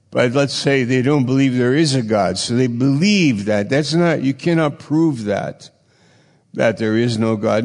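A man's voice: mid-range voice, a little mellow. A man preaching a sermon, emphatic, repeating phrases for weight, his voice swelling and dropping. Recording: long reverb in a large hall.

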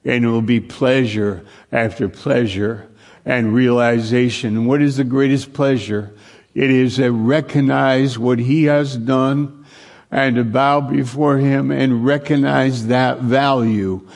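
A man preaching a sermon slowly and earnestly, repeating phrases for emphasis and often dropping to a hushed, low voice. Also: fairly even intonation, creaky. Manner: slow, earnest preaching with long pauses, sinking to a hushed low voice.

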